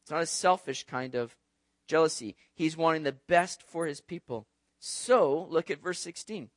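A man, a pastor, preaching a sermon in an animated, conversational way, with frequent rhetorical asides to the congregation. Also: a little high, moderate pace, no room sound, clean studio sound.

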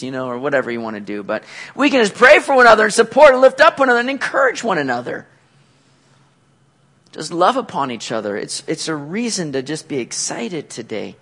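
A man preaching a sermon as pastor, animated, acting out quotes with loud, excited outbursts. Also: a little high, a little fast.

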